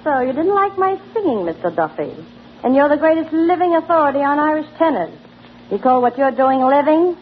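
A woman's voice: sits high, animated, fairly quick, a little hiss or hum. A woman guest star in a 1940s radio comedy, delivering brassy wisecracks. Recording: tinny lo-fi old radio broadcast.

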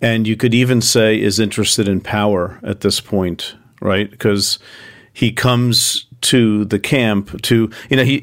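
Male podcast co-host, lower register, relaxed explanatory chat. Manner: conversational, laughs easily, reads verses aloud.

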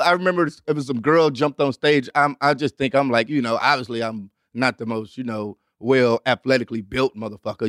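Lively, profane man telling a story. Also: no room sound, clean studio sound. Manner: animated, profane, acts out voices with big pitch jumps. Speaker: host. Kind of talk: storytelling monologue.

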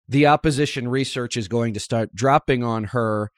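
A man's voice: medium pitch, moderate pace, dry recording, clean studio sound. A man hosting a podcast, chatting wryly about politics and slipping in quoted asides. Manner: conversational, wry, quotes people in asides. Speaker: podcast host. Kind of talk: casual political chat.

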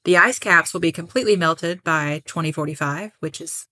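A woman's voice: lowish voice, moderate pace, sharp tone. A woman co-hosting a casual podcast, reading out a list of predictions with wry asides. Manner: chatty, reads out lists with wry asides. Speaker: podcast co-host.

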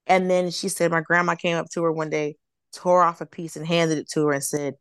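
A woman comedian telling stories on a podcast, lively and blunt, acting out other people's voices and swearing freely. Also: fairly low pitch, fairly quick, clear, resonant tone, no room sound. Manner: animated storyteller, acts out quoted voices, swears freely. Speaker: comedian guest. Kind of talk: casual podcast storytelling.

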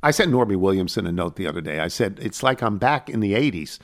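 Man, older, podcast host, casual chat, animated, varied intonation. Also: lowish voice, fast. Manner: animated, acts out voices in anecdotes.

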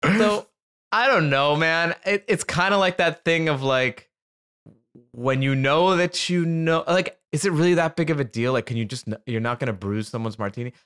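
A man's voice: on the high side, moderate pace, smooth. A man in casual comedic conversation, telling stories with lots of profanity and swings of energy. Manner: animated storytelling with profanity.

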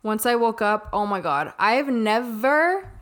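A woman's voice: fairly high pitch, expressive, a bit bright. Giggly woman from Arizona chiming in. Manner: laughs often, chimes in with quick asides. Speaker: podcast co-host. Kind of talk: casual chat.

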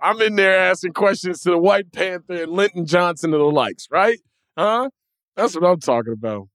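A man hosting a sports podcast, joking loudly and swinging between high exclaims and low grumbles. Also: expressive, moderate pace, no echo, studio quality. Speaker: podcast host. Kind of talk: animated sports talk. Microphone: studio mic, dry close sound.

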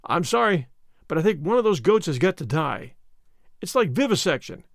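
Man doing mopey nervous translator guy, sighs a lot, lively pitch. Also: moderate pace, vocal fry, dry recording, studio quality. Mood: glum. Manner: plaintive, sighing. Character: nervous young male interpreter, gloomy and humble. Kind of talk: audiobook character reading.

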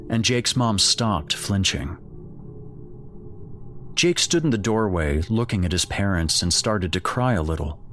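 A man narrating a scripted horror story in a steady, measured way. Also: deep voice, soft background music.

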